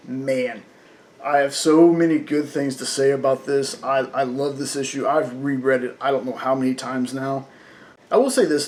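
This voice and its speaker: A man's voice: mid-range voice, darkish tone. A man reviewing a comic book in casual talk, chatty and full of fillers, often laughing.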